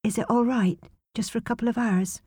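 A woman's voice: on the high side, fairly even intonation, fairly quick, darkish tone, slightly rough, dry recording, studio quality, voice pushed up. A woman reading an audiobook, voicing an anxious young woman who sounds tense and breathless. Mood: coaxing. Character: restless, guilt-ridden young woman, anxious.

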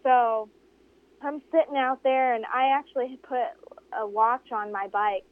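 A woman guest recounting a desert race story, animated and acting out the voices of people she quotes. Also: measured pace, no room sound. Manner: animated, acts out quoted voices with big pitch jumps. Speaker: interview guest, desert racer. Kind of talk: storytelling in conversation. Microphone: phone. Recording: tinny phone line.

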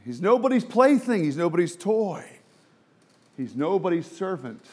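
A man's voice: high voice, sing-song, moderate pace, darkish tone, husky. A man preaching a sermon, emphatic and full of rhetorical questions, sometimes dropping to a near whisper.

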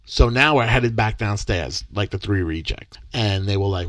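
A man's voice: on the low side, normal speed, no room sound. A young man and podcast co-host, telling a story in casual chat and acting out the quoted dialogue with lots of energy. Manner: animated, acts out quoted dialogue.

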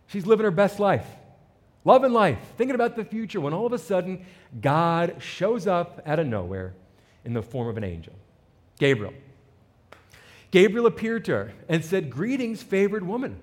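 Guy pastor preaching, relaxed chatty sermon, kinda high voice, swoops around a lot. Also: normal speed, long pauses. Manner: informal, repeats words when building a point. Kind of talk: conversational sermon.

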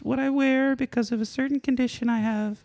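A man's voice: very high-pitched, fairly even intonation, brisk, creaky, voice pushed up. A man voicing a shy, sad, heavily veiled woman who talks timidly and apologetically. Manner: timid, apologetic, speaks softly and politely.

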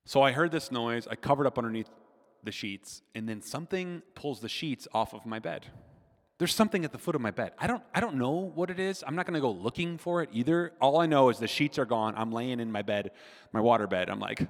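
A man's voice: medium pitch, brisk. A man in his forties preaching a sermon, telling a comic childhood story and speaking directly to the crowd. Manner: animated, addresses the crowd directly. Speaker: pastor. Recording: long hall reverb.

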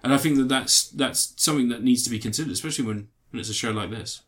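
A man's voice: mid-range voice, quick pace. Rambling man chatting. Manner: rambling, many fillers and restarts. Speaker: podcast co-host reviewing TV. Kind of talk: casual chat.

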